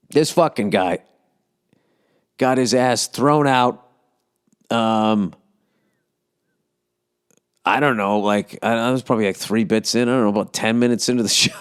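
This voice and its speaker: A man's voice: medium pitch, clean tone. Male comic, 50s, Boston accent, loose profane podcast rant. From United States. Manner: profane, animated, acts out yells and impressions. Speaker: comedian podcast host. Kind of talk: casual rambling monologue.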